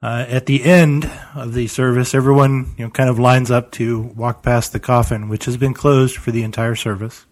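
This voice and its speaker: A man narrates a tabletop game as game master, describing the scene in a halting way. He scatters "you know" fillers through an ordinary, middle-pitched voice. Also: steady tone.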